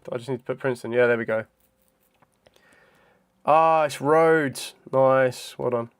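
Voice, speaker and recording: A young man chatting casually on a live stream, thinking out loud in a hesitant way with frequent ums. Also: mid-range voice, unhurried, smooth. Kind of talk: casual live-stream chat during a trivia quiz.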